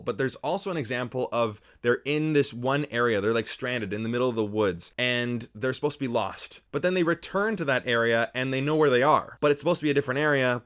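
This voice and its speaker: Male critic, twenties, animated and sarcastic; average pitch. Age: 20s. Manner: animated, mocking quoted voices. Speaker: film critic. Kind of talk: movie review.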